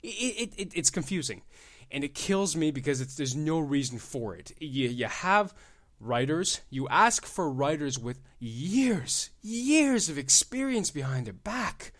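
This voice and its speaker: A man's voice: on the high side, measured pace. A young man hosting a solo wrestling podcast, ranting emphatically and repeating himself for effect. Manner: animated, ranting, emphatic repetition. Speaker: podcast host.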